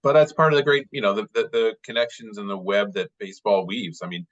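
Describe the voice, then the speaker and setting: A man with a very low voice talks in a loose, rambling way, full of fillers and restarts, as he reminisces. The sound is dull and lo-fi, like audio from a video call. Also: fairly even intonation, quick pace, a bit bright. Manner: rambling, many fillers and restarts, fond and chatty. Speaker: baseball writer, guest speaker. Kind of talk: casual interview over video call.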